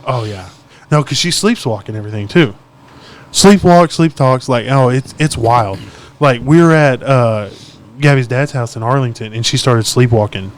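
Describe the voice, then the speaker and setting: A man's voice: medium pitch, moderate pace, slight background noise. A man in casual podcast chat, telling profane stories and acting out the quotes. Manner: profane, animated storytelling with acted-out quotes.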